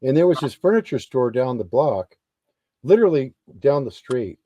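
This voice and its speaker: A middle-aged man and Army veteran telling a story in a casual interview, animated and swearing freely. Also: medium pitch, moderate pace.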